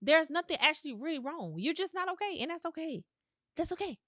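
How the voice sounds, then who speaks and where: High, bright, emphatic woman podcaster. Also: expressive, a little fast, dry recording, studio quality. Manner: emphatic, repetitive, preachy; casual slangy phrasing. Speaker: podcast host. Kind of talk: motivational monologue.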